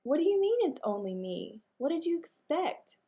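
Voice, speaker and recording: A self-important male ranch dog, as a woman reads him aloud, talking in a folksy, puffed-up drawl. He is bumbling and full of himself, and his pitch sits a little high. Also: sing-song, moderate pace, dark tone.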